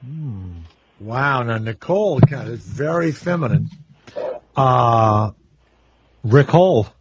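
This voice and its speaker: A man's voice: mid-range voice, lively intonation, takes it slowly, muffled recording, noisy background. A man hosting a call-in radio talk show, brash, crude and joking with callers. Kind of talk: casual call-in radio banter. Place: radio studio.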